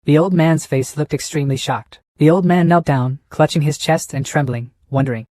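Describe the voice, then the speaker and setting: A man reading a scripted story recap in a steady, plain way. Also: fairly high pitch, normal speed, few pauses, no echo. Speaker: narrator.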